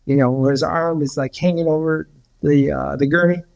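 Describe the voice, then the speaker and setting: A man's voice: a little high, fairly even intonation, normal speed, vocal fry, a little mellow, smooth, lo-fi sound. A man, a healer guest on a podcast, telling a story in a rambling way with many repeats and restarts. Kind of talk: casual storytelling.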